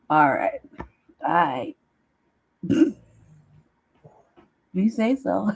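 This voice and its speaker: A woman's voice: deep voice, a little slow, long pauses, darkish tone, poor audio. A woman chatting casually on her own stream, teasing, laughing often and swearing freely. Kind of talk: casual chat.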